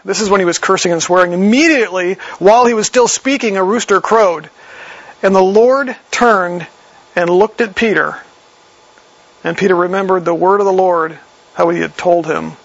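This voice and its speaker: A male preacher with a high, gravelly voice walks through scripture verse by verse in a conversational tone. His sermon sounds slightly dull on a lo-fi recording. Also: normal speed, a bit bright. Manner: conversational, reads verses and explains them.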